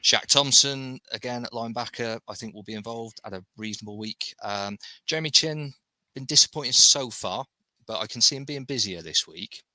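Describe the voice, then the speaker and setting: A man co-hosting a sports podcast, giving steady, matter-of-fact analysis with frequent ums. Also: mid-range voice, a little fast, dry recording, rough recording. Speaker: co-host. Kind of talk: casual sports podcast chat.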